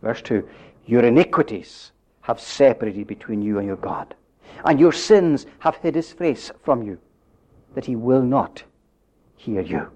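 A man preaching a sermon, building up to emphatic questions and dropping his voice low at the end of phrases. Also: animated, unhurried, a little mellow. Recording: dull lo-fi recording.

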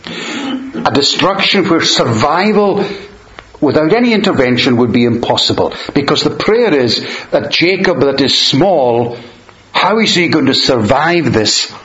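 A man preaching a sermon, measured and emphatic, slowing down on quoted verses. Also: medium pitch, expressive, fairly bright tone. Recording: dull lo-fi sound in a roomy space.

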